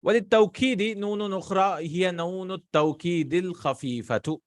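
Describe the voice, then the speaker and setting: A man with a fairly high voice explains Arabic grammar patiently. He moves between English and Arabic and often checks in with "hmm?" or "right?". The recording is dry and close, with no room sound. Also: very fast, no room sound. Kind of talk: online grammar lesson.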